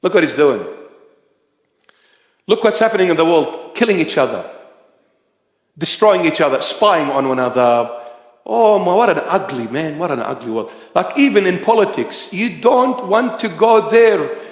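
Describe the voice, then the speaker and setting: Forceful preacher man in an echoey hall. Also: a little high, sing-song, moderate pace. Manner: forceful, rising to shouting. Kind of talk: sermon.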